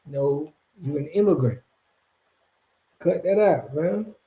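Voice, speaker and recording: A man's voice: fairly high pitch, lively intonation, slow pace, mellow. A man from Florida giving casual, rambling commentary in a vlog, heavy on slang and chuckling between points. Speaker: vlogger.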